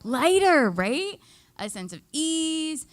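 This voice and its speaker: A woman's voice: high voice, sing-song, takes it slowly, no echo. A woman giving a live workshop to seniors, chatty and upbeat, leading the group through exercises and laughing often. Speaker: extension educator.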